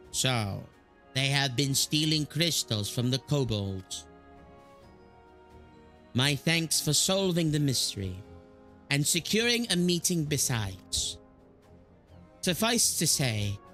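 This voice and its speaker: A man's voice: on the high side, sharp tone, exaggerated voice. A man voicing a composed woman fleet admiral while reading game dialogue aloud in a lightly acted voice.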